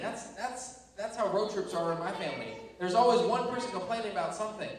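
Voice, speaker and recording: A man's voice: high-pitched, fast, few pauses. A man teaching a kids' Bible lesson, telling the story playfully and checking in often with his listeners, recorded in an echoey room from a distance. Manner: animated, playful storytelling with frequent check-ins.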